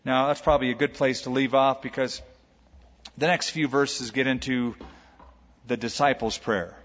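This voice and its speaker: A male pastor giving a sermon in an animated, emphatic and humorous way. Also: medium pitch, moderate pace. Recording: lo-fi with long hall reverb.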